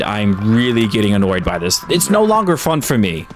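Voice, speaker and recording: A man's voice: on the low side, very animated, normal speed, hardly any pauses. Guy raging through a horror game let's play, voice jumping all over, game music playing under him. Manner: exasperated, yelling in frustration. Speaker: gaming YouTuber.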